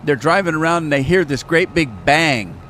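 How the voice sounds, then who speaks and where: A man's voice: a little high, lively intonation, normal speed, a bit bright, slight background noise. A man casually chatting through a gaming live stream, rambling, telling stories and laughing at his own jokes.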